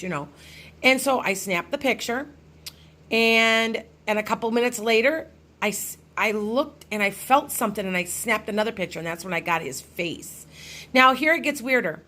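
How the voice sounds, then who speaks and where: A woman's voice: on the high side, pushed and bright. A middle-aged woman, a psychic medium, telling a personal ghost story to her followers in a casual, rambling way with many restarts.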